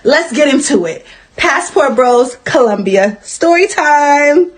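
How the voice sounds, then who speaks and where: A woman's voice: high voice, expressive, slow, slight background noise. A young woman telling a story-time vlog in a chatty, dramatic way. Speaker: storyteller in a played clip.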